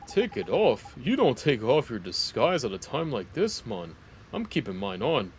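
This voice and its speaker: A man's voice: mid-range voice, huge pitch swings, moderate pace, faint music behind. A man voicing a cheeky, boastful little male fairy sidekick who talks bluntly in slang, reading game dialogue aloud.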